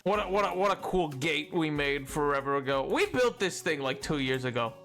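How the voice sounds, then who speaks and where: A young man talks casually over his game stream, rambling and bouncing into playful indignation at chat. His voice is high and bright. Faint music plays underneath. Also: expressive, brisk.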